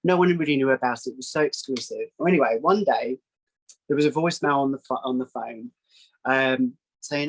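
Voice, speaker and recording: A man, a psychic guest telling a story in casual chat, acting out quoted voices in a higher pitch. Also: expressive, fairly quick, gravelly, rough recording. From England.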